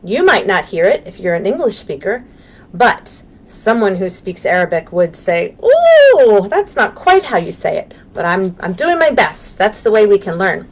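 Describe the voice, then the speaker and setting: Lively American woman teaching little kids. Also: medium pitch, normal speed. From United States. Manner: gentle and encouraging, with frequent ums. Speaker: children's librarian. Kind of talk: live storytime lesson for young children. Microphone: webcam on a live stream.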